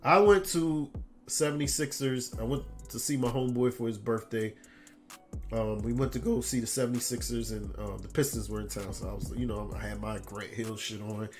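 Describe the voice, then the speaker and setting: A man hosting a gaming podcast, chatting casually and telling animated, profane stories in which he loudly imitates other people. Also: medium pitch, moderate pace, soft background music. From Detroit area. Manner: animated storyteller, swearing, loudly imitating callers. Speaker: podcast host. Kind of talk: casual chat.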